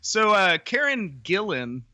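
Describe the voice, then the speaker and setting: A man's voice: high-pitched, very animated, takes it slowly, sharp tone. A man co-hosting a podcast, rambling through the news with self-deprecating jokes and frequent laughs. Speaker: podcast co-host. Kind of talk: casual chat.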